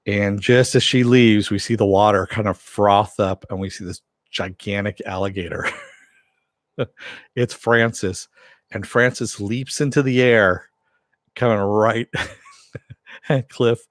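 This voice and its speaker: A man talks through a TV episode in a loose, rambling way, full of fillers and backtracking. His voice sits a little low. The sound is dry and close. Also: fairly even intonation, slow pace, long pauses, no echo. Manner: rambling, many fillers and self-corrections. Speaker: TV show reviewer. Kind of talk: casual episode recap.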